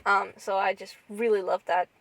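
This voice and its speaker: A woman's voice: mid-range voice, flat delivery, normal speed, gravelly, fairly bright tone, rough recording. A woman co-hosting a podcast, chatting casually and rambling with lots of restarts and fillers. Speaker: podcast co-host. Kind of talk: casual chat.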